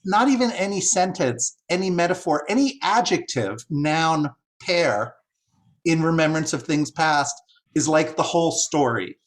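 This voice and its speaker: A man's voice: a little high, animated, a little slow. A man speaking as a guest translator in a discussion, musing and hesitant, with many "like"s as he works through ideas. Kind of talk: discussion talk, thoughtful.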